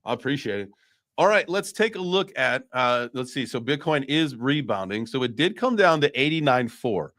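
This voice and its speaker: A man's voice: mid-range voice, expressive, moderate pace, a bit bright. Male host, playful hype talk, casual stream chat, loose swearing.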